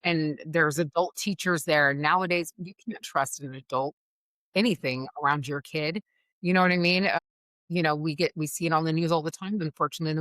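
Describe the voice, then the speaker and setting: A woman hosting a podcast, telling a candid story about raising her son in an earnest, animated way, full of likes and you-knows. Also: sits low, no room sound, studio quality. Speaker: podcast host.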